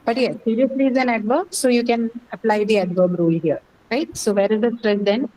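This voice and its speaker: A woman's voice: a little high, brisk, mellow, poor audio. A woman teaching an English class, patiently repeating words and quizzing students on word stress. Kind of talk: classroom lesson.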